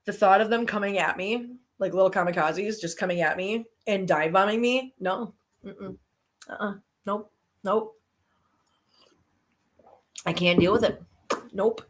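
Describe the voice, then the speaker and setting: A woman hosting a live stream chats casually with her viewers, telling stories in an animated way that swings from low grumbles to high squeals. She keeps a measured pace and pauses often.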